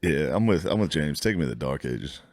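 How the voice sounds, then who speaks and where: A man with a very deep voice grumbles bluntly and swears freely on a casual comedy podcast. His complaints come out flat and direct. The sound is close and dry. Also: brisk, no room sound. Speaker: podcast co-host.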